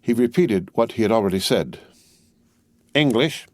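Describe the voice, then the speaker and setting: Deep-voiced man reading an audiobook. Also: animated, moderate pace, darkish tone, dry recording, studio quality. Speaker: audiobook narrator. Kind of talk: scripted narration.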